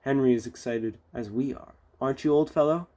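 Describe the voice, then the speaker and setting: A man's voice: medium pitch, fairly quick, mellow, close to an everyday voice. A man voicing a sensible engine driver who explains things steadily in a storybook reading. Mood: calm. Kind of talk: storybook read-aloud.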